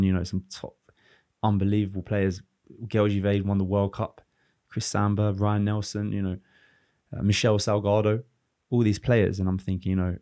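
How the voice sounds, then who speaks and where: A man in his thirties, a former footballer, talking through his career in a relaxed, reflective podcast chat with many restarts. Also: sits low, no echo. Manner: reflective, rambling with restarts and fillers. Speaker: former professional footballer, guest. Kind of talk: casual podcast conversation.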